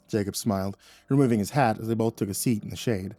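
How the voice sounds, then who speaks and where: A man narrating a scripted horror story in a measured storytelling manner. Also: fairly low pitch, warm tone, dry recording.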